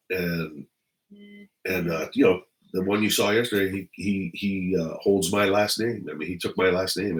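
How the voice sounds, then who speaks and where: A man's voice: low-pitched, low-quality recording. A middle-aged man, a retired police officer, telling stories in a blunt, profane, rambling monologue.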